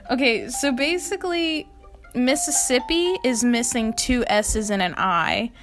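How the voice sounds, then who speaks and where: Young woman video host, casual commentary, quick laughing asides, light music bed. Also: fairly high pitch, fairly bright tone. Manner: chatty, laughing, exasperated asides.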